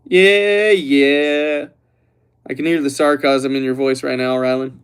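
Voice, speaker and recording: A man's voice: mid-range voice, level tone, a little fast, clean tone. Joking, teasing male livestream host. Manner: joking, teasing, reads chat aloud. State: relaxed after drinking red wine. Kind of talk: casual livestream chat.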